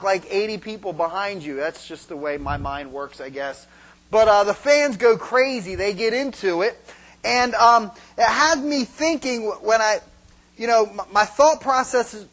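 A man preaching a sermon with lively, joking delivery, often asking "right?" and acting out cheering fans. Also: high-pitched, low-quality recording. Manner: animated, acts out fans shouting and singing; rhetorical "right?" after points. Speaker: pastor.

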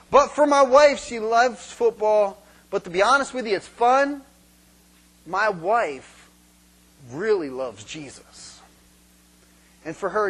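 A man preaching a sermon with lively, joking delivery, often asking "right?" and acting out cheering fans. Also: sits high, husky, low-quality recording. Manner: animated, acts out fans shouting and singing; rhetorical "right?" after points. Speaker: pastor.

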